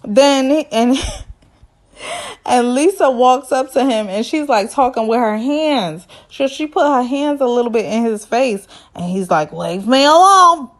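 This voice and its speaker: A woman recapping a reality show in a casual, sassy, teasing way, with lively asides. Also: on the high side, measured pace. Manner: sassy, animated, playful teasing.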